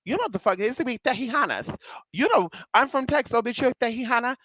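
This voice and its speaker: A sassy vlogger voice with a lively, swooping pitch that rises and falls all the time. The speaker talks bluntly to viewers, swears freely and calls people "girl" and "honey". The sound is close and dry, with no room echo. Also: very fast. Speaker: spiritual vlogger. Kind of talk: casual monologue to viewers.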